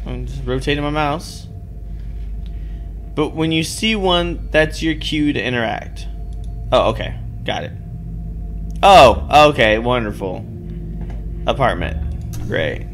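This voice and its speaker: A man plays a game and chats casually, reading on-screen text aloud, swearing now and then, and poking fun at himself. His fairly high voice is a bit bright, with slight background noise.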